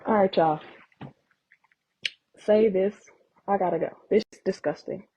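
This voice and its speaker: A woman's voice: mid-range voice, measured pace, mellow, breathy edge, dull audio. Shocked, cursing woman touring a house. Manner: shocked, profane, partly whispered, talking to viewers. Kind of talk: narrated home walk-through video. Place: inside a house.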